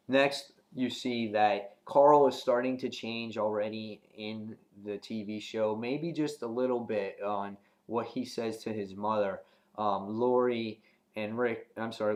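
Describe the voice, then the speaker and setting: Rambling man reviewing a TV episode. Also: fairly low pitch. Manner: rambling, many ums and restarts. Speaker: TV show reviewer. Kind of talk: casual spoken episode review.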